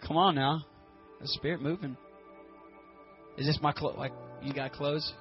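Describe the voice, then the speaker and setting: A male preacher giving a casual, animated sermon and addressing the congregation directly. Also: a little high, a little slow, muffled recording, faint music behind.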